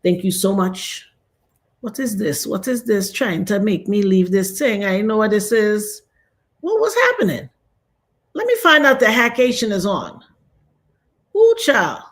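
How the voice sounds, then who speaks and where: A middle-aged woman hosting a casual livestream on a computer microphone, talking in an earnest, preachy way and breaking into sudden high exclamations. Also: a little slow. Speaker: livestream host.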